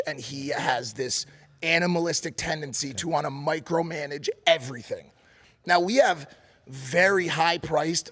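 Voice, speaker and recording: A man co-hosting a podcast, telling a rambling, profane story and loudly acting out the people he quotes. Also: fairly high pitch, slightly rough. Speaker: podcast co-host. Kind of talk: animated storytelling.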